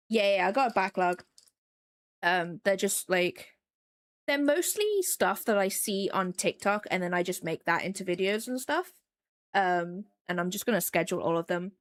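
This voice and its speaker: A woman streamer chatting casually with her viewers while she paints, rambling along with lots of fillers. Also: medium pitch. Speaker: streamer and digital artist.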